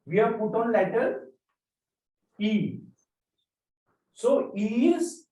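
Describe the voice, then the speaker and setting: Male language teacher, unhurried and step-by-step, recorded from a distance in a reverberant room. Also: very high-pitched, lively intonation, warm tone. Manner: slow, step-by-step explaining, spells out letters. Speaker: French teacher. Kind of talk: classroom lesson. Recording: roomy echo, mic at a distance.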